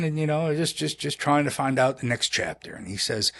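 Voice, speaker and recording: Halting, storytelling businessman. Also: medium pitch, fairly bright tone. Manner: rambling, halting, with many restarts and quoted dialogue. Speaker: podcast guest, chemical company founder. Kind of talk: casual storytelling interview.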